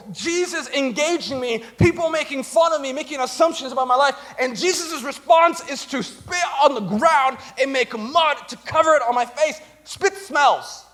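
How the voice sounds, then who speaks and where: A young man preaching a comedic sermon, telling stories animatedly and acting out other people's voices. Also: very high voice. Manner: animated storytelling with acted-out voices. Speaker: pastor. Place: church stage.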